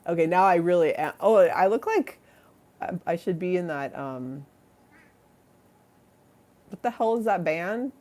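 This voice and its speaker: A woman's voice: on the low side, lively intonation, a little slow, pauses often, a little mellow. A woman hosting a casual livestream, rambling and giggly as she reads out names from the chat. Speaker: livestream host.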